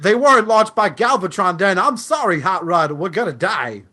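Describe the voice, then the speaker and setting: A man doing a halting old robot war veteran. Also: sits high, expressive, pushed and bright, a little hiss or hum, voice pushed up. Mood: boastful. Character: grizzled old male robot war veteran telling tall tales.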